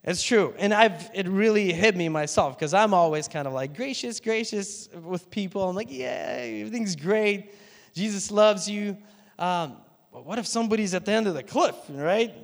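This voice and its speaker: A man's voice: high-pitched, lively intonation, normal speed, long reverb tail. A man preaching a sermon in a conversational way, laughing and asking the congregation questions. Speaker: pastor.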